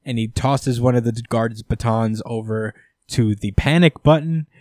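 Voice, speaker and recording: In studio-quality audio with no echo, a man with a medium-pitched, darkish voice speaks at normal speed. He's a New York-based podcast host recapping comics, retelling a comic story in casual chat with profanity, laughter and enthusiasm.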